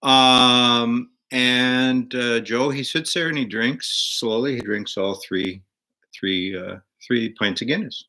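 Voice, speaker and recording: An older man hosting a casual chat show, telling a joke in a halting, rambling way with lots of fillers and restarts. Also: mid-range voice, fairly even intonation, sharp tone. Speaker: show host.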